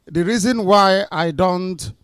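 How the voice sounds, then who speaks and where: A man's voice: sits high, slow pace, clean tone, clean studio sound. A man speaking at a town hall debate, firm and insistent, repeating short commands. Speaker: movement leader addressing a town hall.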